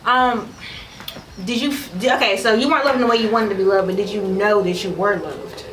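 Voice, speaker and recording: A woman's voice: mid-range voice, brisk, fairly bright tone. A woman vlogging her family at home, chatting casually and playfully quizzing her relatives on camera. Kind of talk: casual chat. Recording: echoey room with background noise.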